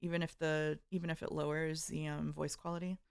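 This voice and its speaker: A woman streamer chatting casually, recapping slowly with lots of ums and uhs. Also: deep voice, level tone, vocal fry, clean tone, no echo, studio quality. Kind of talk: casual chat.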